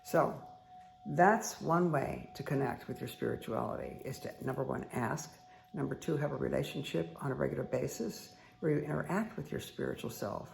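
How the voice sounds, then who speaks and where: A woman hosting a meditation and tarot session, talking casually with a croaky, dry-throated voice and rambling, friendly asides to her viewers at home. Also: extremely low pitch, moderate pace, darkish tone. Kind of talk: casual chatty talk to viewers.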